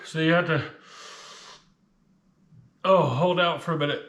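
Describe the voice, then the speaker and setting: A man's voice: on the high side, unhurried, a bit bright, roomy sound. A man casually reviewing spicy chips on his vlog, chatting with his mouth full while the heat burns. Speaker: food reviewer.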